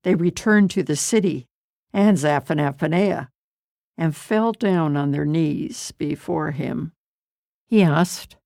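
Storyteller: woman, slow deliberate reader, low-ish, dry. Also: gravelly, dark tone, no room sound. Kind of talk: scripted story narration.

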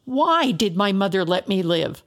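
A woman's voice: medium pitch, sing-song, unhurried, a bit bright. A woman voicing a grieving, ruined man in a storybook reading, anguished and pleading as he questions God. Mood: sorrowful.

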